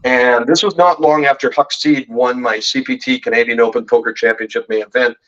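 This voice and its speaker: A man's voice: medium pitch, steady tone, a little fast, fairly bright tone, highs cut off. A man guesting on a podcast, telling rambling, jokey stories and teasing the hosts. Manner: rambling, jokey storyteller who teases the hosts. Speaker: guest poker pro and betting expert. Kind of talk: casual podcast storytelling.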